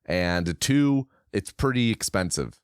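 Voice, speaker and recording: Podcast co-host, man, lowish voice, dry close mic, chatty interjections. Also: big pitch swings, slow, smooth, no room sound. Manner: interjecting, conversational. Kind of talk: casual film podcast chat.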